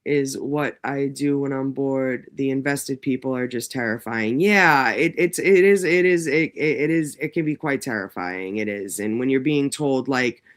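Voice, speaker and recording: A man's voice: medium pitch, normal speed, few pauses, fairly bright tone. Profane rambling livestream host man. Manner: rambling and heavily profane, many fillers. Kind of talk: casual livestream monologue.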